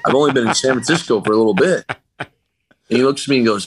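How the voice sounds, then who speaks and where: A man, a guest on a podcast, telling a story in a casual, animated way and acting out what other people said. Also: mid-range voice, brisk, pauses often, husky, low-quality recording. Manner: animated anecdote teller, acts out other people's lines. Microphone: remote call.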